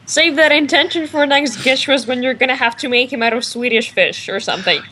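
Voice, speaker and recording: A woman's voice: sits high, brisk, very noisy. A young woman co-hosting a casual fan podcast, teasing the others and telling stories with a playful manner. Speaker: co-host.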